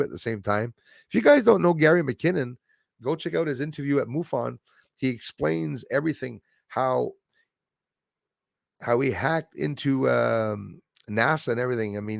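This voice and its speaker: A man's voice: mid-range voice, vocal fry, dry recording, clean studio sound. A man hosting a casual live stream chat, rambling and hesitant with many fillers and restarts.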